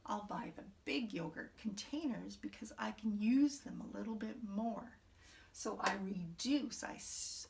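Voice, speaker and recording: A woman's voice: medium pitch, gravelly, recorded from a distance. A woman teacher giving a morning message lesson to young children, talking in a sing-song way and asking the class questions.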